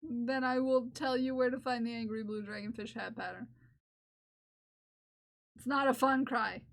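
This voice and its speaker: A young woman who crochets is livestreaming, reading viewer comments and chatting with them in a playful, teasing way and laughing often. Picked up on close ASMR microphones, her slightly high voice has fairly even intonation, normal speed, and vocal fry.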